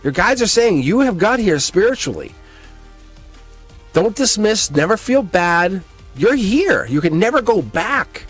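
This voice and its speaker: An excitable man reading tarot cards on a live stream, his fairly high voice swooping up and down as he talks. He laughs often and swears freely, all in a loose, casual way. Faint music plays behind him. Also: measured pace.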